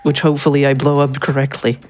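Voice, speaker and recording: A speedrunner talks through a live run in a casual, rambling way, stopping and restarting with plenty of ums. The pitch sits in an ordinary middle range, with a faint hum of noise behind. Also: flat delivery, fast talker, a little mellow. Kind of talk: live gameplay commentary.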